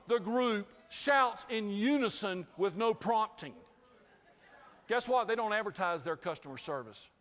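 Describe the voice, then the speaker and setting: A man giving a customer service training talk to a live group, telling a story in a lively, humorous way. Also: sits high, in a large hall.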